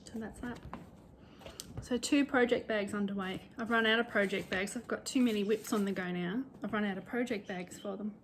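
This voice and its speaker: A woman's voice: mid-range voice, fairly even intonation, moderate pace, slight background noise. A middle-aged Australian woman chatting casually and rambling cheerfully about sewing and stitching at home, now and then poking fun at herself. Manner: chatty, rambling, self-deprecating. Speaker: cross-stitch vlogger. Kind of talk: casual chat.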